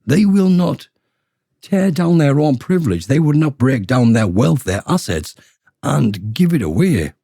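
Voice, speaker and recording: A man's voice: mid-range voice, big pitch swings, unhurried, creaky, mellow, husky, no room sound, studio quality. A man delivering a blunt, heated monologue straight to camera, swearing freely as he vents. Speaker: vlogger. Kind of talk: ranting monologue.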